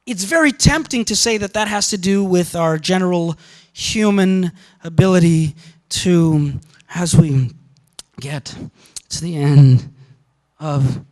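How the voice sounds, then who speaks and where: A man giving a university lecture, animated and often checking in with the class. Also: sits high, rough recording.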